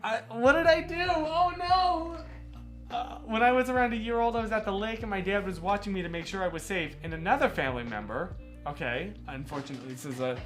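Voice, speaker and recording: This livestream host has a high, slightly bright male voice. He chats with viewers in a casual, playful way from a room at home, laughing often and making fun of himself.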